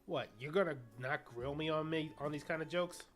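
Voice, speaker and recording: A man's voice: a little high, normal speed. A man streaming a game, chatting casually and cracking jokes while he reads dialogue aloud. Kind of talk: casual game playthrough chat.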